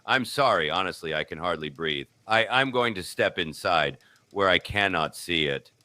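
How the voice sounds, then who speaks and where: A man's voice: low voice, expressive, moderate pace, bright, forceful tone, no echo. A man playing a frantic male radio reporter describing an airship disaster, breathless and overwhelmed. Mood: distraught. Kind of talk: 1930s radio news reenactment.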